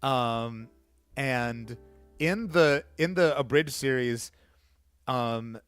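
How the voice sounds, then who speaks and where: A man's voice: medium pitch, extremely slow, fairly bright tone, clear, resonant tone, faint music behind. A man hosting a livestream and chatting casually while mixing cocktails, rambling in a self-deprecating way. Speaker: livestream host.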